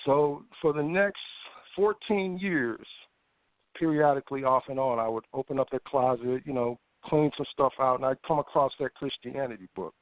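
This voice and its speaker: A man, a guest on a phone interview, telling a personal story in a lively way, with stammered restarts and acted-out thoughts. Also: mid-range voice, moderate pace, no room sound. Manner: animated, stammering restarts, acts out his own past thoughts. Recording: tinny phone line, dry.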